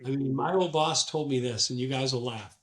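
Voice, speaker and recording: A middle-aged man, a sales professional, telling stories from his career in an animated way and acting out the people he quotes. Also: medium pitch, fairly quick. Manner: animated, acts out quotes from calls. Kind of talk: conversational storytelling. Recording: echoey room.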